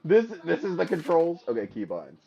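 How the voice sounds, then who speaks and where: Man, gaming streamer, excitable, lively swooping pitch, slightly muffled audio. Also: normal speed, vocal fry, husky, faint music behind. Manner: excitable, laughing, trash-talking the opponent. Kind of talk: casual live gameplay commentary.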